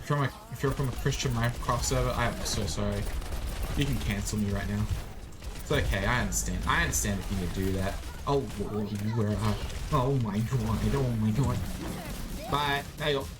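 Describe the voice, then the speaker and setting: An Australian man chatting casually while streaming a game, joking with viewers and breaking into sudden excited yelps. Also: fairly low pitch, fairly quick, noisy background.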